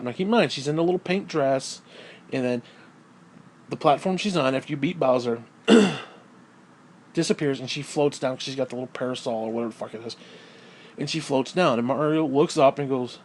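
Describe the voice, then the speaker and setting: A man's voice: mid-range voice, fairly quick, slight background noise. A man delivering a crude, heated monologue, swearing constantly and repeating phrases for emphasis. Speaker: video creator. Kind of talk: profane ranting monologue.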